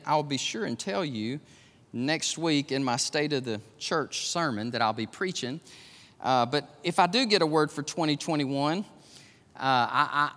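A man in his fifties, a pastor, preaches with animated stories, acting out voices and laughing frequently. His voice is fairly high in pitch and carries a long reverb tail.

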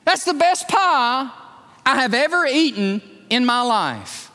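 A man doing a gushing, excited old preacher. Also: extremely high pitch, slow pace, in a large hall, voice pushed up, exaggerated voice. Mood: gushing, amazed. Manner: gushing and exclamatory. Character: excitable older male minister raving about pie.

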